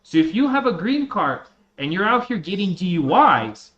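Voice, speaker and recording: A man's voice: high voice, normal speed, muffled recording. A man in his twenties from Russia, chatting casually and rambling as a streamer, with lots of "like" and "dude". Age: 20s. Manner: relaxed, rambling, heavy use of "like" and "dude". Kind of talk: casual chat while gaming.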